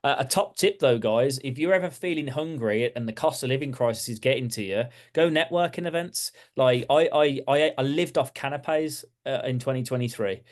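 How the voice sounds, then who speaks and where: A man's voice: mid-range voice, moderate pace, few pauses. A man with a Birmingham accent, chatting casually as an interview guest and talking with lots of fillers and restarts. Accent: Birmingham English. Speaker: guest, architecture practice owner.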